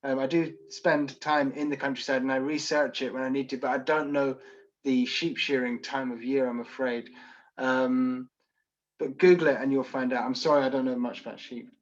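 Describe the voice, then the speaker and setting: A man's voice: medium pitch, little pitch movement, moderate pace, muffled recording. A Scottish man working as a tour guide, answering viewer questions in a chatty, self-deprecating way on a video call. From Scotland.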